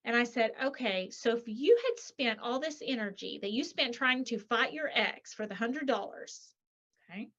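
A woman author, a guest in an interview, talking in a lively way and acting out quoted voices, with many rhetorical "right?"s. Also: a little high, normal speed, highs cut off. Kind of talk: animated interview talk.

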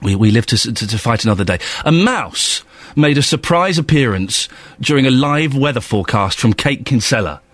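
A man's voice: medium pitch, expressive, moderate pace, dry recording. A man in his thirties with a London accent, presenting a casual morning radio show with wry, self-mocking chat. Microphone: studio microphone.

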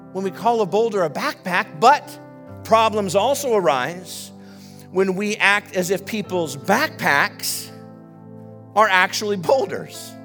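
A man preaching a sermon as pastor, building animated emphasis as he goes. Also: high voice. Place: church.

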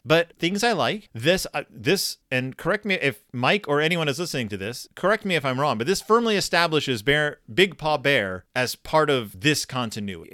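A man's voice: medium pitch, a bit bright, clean tone, no echo, clean studio sound. A man hosting a podcast, chatting casually and enthusiastically about a book he recommends. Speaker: podcast host. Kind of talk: casual book review chat.

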